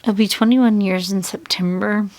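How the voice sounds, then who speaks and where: Gravelly-voiced woman in her forties. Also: mid-range voice, fairly even intonation, normal speed, darkish tone, no echo. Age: 40s. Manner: rambling, chatty, trails off and restarts sentences. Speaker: beauty vlogger and hairstylist. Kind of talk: casual makeup tutorial chat.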